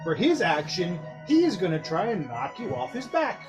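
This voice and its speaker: A man running a tabletop game as game master, narrating actions in a relaxed, descriptive way. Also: sits high, normal speed, music in the background.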